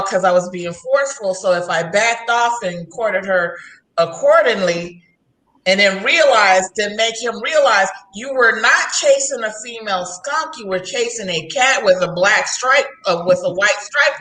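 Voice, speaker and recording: A woman's voice: medium pitch, animated, moderate pace, bright, forceful tone, echoey room, poor audio. A woman hosting a casual livestream chat who rambles and laughs often. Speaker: host.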